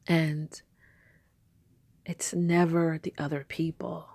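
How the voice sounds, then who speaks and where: A woman's voice: low voice, level tone, takes it slowly, a little mellow, no echo. A woman giving a casual spiritual talk, chatty and storytelling with many fillers. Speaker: spiritual teacher.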